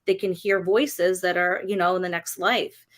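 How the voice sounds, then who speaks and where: A woman's voice: on the low side, fairly even intonation, moderate pace. A woman and parent talking casually in a discussion, thinking aloud with fillers.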